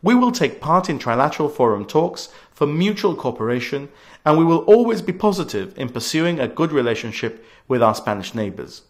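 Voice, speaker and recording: A man's voice: on the high side, very animated, a little fast. A man of about forty, giving a scripted political radio address in an earnest, emphatic way, leaning hard on key words. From Gibraltar.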